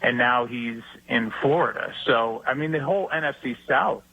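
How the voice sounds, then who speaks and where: A middle-aged man, a sports broadcaster, telling stories and giving his view in a relaxed talk-show interview. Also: mid-range voice, normal speed, muffled recording.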